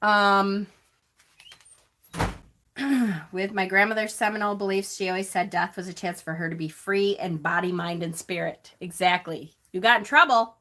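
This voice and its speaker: A woman's voice: medium pitch, fairly even intonation, normal speed, bright, forceful tone. A middle-aged woman hosting a live stream, chatting casually and answering viewers' comments by name. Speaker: host of a pagan live stream.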